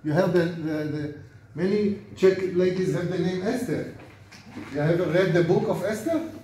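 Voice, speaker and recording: Older Israeli rabbi lecturing in an echoey room. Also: male voice, sits high, normal speed, mellow. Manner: chatty, asks the class questions, repeats words for drill. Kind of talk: informal classroom lecture. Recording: echoey lecture room, mic far off, faint noise.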